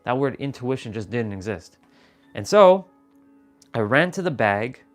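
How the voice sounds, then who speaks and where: An animated man tells a personal story on a home livestream, casual and confessional, swearing as he goes. His voice sits at a medium pitch. Soft music plays faintly behind him. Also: a little slow. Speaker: livestream host. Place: room at home.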